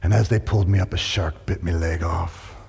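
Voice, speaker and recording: A man voicing a gruff old male pirate with a stage pirate accent, growling his words. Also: sits low, fairly even intonation, a little fast, a little mellow, pitched below the performer's own voice, full character voice. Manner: growling "arr" pirate talk. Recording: long hall reverb.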